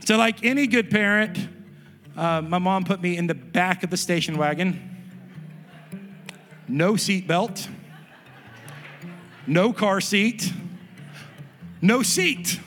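High-voiced pastor telling a story. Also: male voice, slow pace, long pauses, in a large hall, soft background music. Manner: animated storyteller acting out family voices. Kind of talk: sermon storytelling. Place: church sanctuary.

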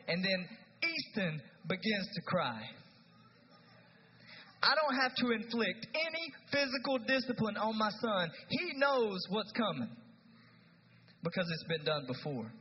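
Thirties male youth pastor, a touch higher voice, preaching in a big echoing church. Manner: conversational preacher, swings between hushed and loud. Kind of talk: sermon. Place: church sanctuary. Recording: dull sound with long hall reverb, faint noise.

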